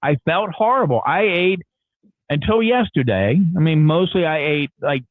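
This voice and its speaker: On a tinny phone call with no room sound, a man acting as radio host recounts a long, candid story in loose morning-show chat. His fairly high voice has lively intonation at a moderate pace, and he keeps restarting.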